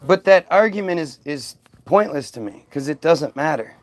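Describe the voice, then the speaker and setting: On a livestream, a man with a fairly high, animated voice rants sarcastically, firing back at viewer comments in a combative, mocking way. He's a streamer reacting to what viewers post, speaking at normal speed in a dry recording.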